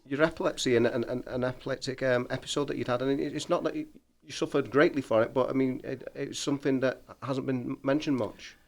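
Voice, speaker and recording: A man's voice: mid-range voice, steady tone, fast talker, few pauses. Male co-host asking careful questions. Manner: hesitant, careful phrasing around a sensitive topic. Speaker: sports journalist co-host. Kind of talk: interview question.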